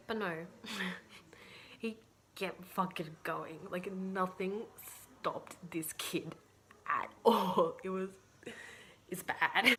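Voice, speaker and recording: A woman's voice: lowish voice, fairly bright tone. A woman with an Australian accent telling a story casually, full of fillers and swearing. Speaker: vlogger.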